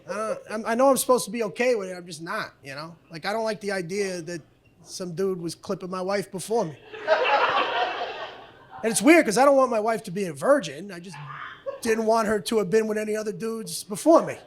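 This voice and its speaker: A man doing a stand-up comedy set on a club stage, loud and profane, acting out both sides of arguments. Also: high voice, fairly quick. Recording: live club recording with audience noise.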